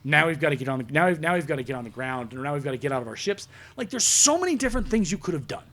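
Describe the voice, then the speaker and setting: A man hosting a podcast in a studio, an excitable storyteller who acts out scenes in casual chat. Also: on the high side, racing. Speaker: podcast host.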